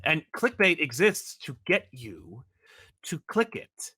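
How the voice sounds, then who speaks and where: A man co-hosting a casual podcast chat, talking in long animated runs with many restarts. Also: a little high, slow pace, slightly rough. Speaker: podcast co-host.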